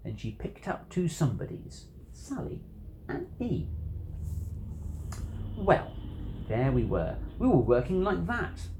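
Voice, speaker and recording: A reader narrating a children's rhyming picture book aloud, expressive and rhythmic. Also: mid-range voice, normal speed, slight background noise. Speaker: storybook reader.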